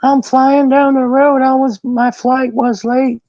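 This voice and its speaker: Guy putting on a squeaky panicky young wrestler begging forgiveness, way up high. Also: flat delivery, slow, a little mellow, no room sound, highs cut off. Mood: pleading. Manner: pleading, flustered excuses. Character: panicked young male wrestler, late and apologetic.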